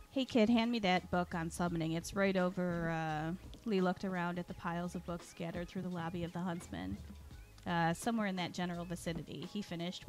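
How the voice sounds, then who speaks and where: Woman storyteller, lively character reading, soft music under her voice. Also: lowish voice. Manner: lively character reading with frequent throat clearing.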